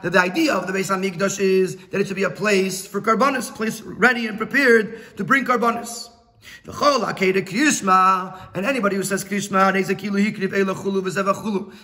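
Bright high-voiced rabbi teaching a class. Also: male voice. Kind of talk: Torah lesson explaining a text.

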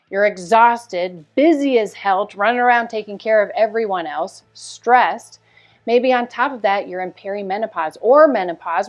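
Candid, animated woman telling her story. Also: mid-range voice, muffled recording. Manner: animated, candid, swears casually. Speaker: health coach. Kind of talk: storytelling promo talk.

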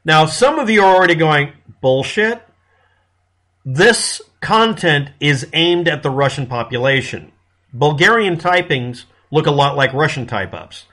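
A man's voice: a little high, lively intonation, normal speed, a bit bright. A man from the United States giving a casual monologue commentary in a blunt, sarcastic manner, with frequent profanity.

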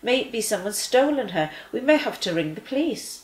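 A woman voicing a calm, reassuring father in a read-aloud children's story. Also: on the high side, moderate pace, roomy sound, pitched above the performer's own voice, poor audio. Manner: gentle, steady.

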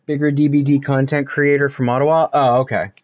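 A man's voice: mid-range voice, flat delivery, brisk, dull audio. A man chatting casually with viewers while he plays a game on a live stream, loose and joking, swearing freely.

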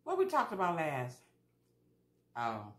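A woman's voice: deep voice, huge pitch swings, slow, a bit bright, roomy sound. A woman vlogger talking casually while she eats, chatty and repeating herself for emphasis. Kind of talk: casual mukbang chat.

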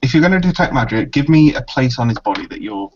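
A man's voice: medium pitch, expressive, fast talker, highs cut off, noisy background. A man playing his dwarf character in a tabletop game, stammering and repeating words as he talks. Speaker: player.

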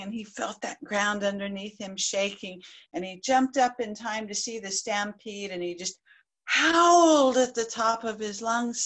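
A woman storyteller narrating a folk tale aloud in a lively, expressive way. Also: mid-range voice. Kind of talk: live oral storytelling.

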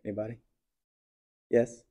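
A man teaching a class, thinking aloud in a reflective way with pauses. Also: warm tone. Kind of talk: classroom discussion.

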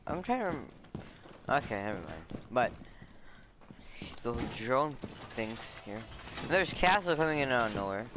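A young man chatting casually over his own gameplay, jumpy and quick to yelp when startled. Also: medium pitch, big pitch swings. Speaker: gamer streaming his match. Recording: noisy game audio behind voice.

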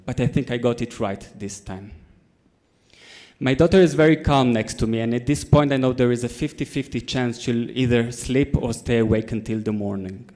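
Deadpan man telling a story. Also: mid-range voice. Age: 30s. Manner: deadpan storytelling with comic timing. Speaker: conference speaker. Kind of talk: storytelling talk to a conference audience. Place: conference hall.

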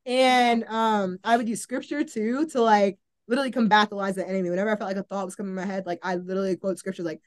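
A woman's voice: medium pitch, fast talker. A young woman, a college athlete, telling a personal faith story in a casual, earnest way, often saying "like" and acting out her own past thoughts. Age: young adult. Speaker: college volleyball player, podcast guest.

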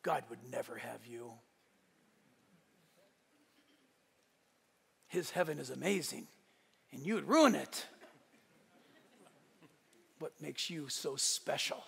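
A preacher putting on a sneering devil who mocks and belittles his listener, dropping low and hushed. The voice hangs in the long reverb of a large hall. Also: animated, unhurried, vocal fry, long pauses, breathy edge, heavily acted. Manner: mocking, contemptuous. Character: taunting male devil, sneering and menacing.

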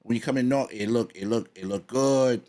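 A man's voice: medium pitch, brisk, dark tone. A man, co-hosting a podcast in casual chat, rambling and repeating himself as he talks. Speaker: podcast co-host.

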